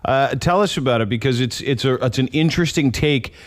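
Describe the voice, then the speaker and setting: A man's voice: mid-range voice, fairly quick. A man hosting a radio show, bantering with a joking, emphatic manner. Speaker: radio host.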